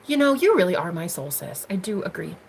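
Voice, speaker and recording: A woman's voice: on the low side, very animated, a little fast, vocal fry, slight background noise. A young American woman hosting a casual livestream, chatting to viewers with a bubbly, giggly, teasing manner. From United States. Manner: bubbly, giggly, teasing, swings between loud squeals and murmurs. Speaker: livestream host. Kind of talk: casual livestream chat reading comments.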